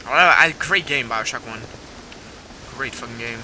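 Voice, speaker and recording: A young man rambling excitedly and swearing casually while commenting on a game as he plays. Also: mid-range voice, measured pace, background noise. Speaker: gaming video host. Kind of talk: let's play commentary.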